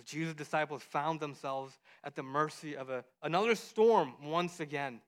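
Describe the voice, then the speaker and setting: A man teaching children a Bible story, lively and full of questions to the kids, acting out the voices as he goes. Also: a little high, normal speed, hardly any pauses. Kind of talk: animated Bible story lesson.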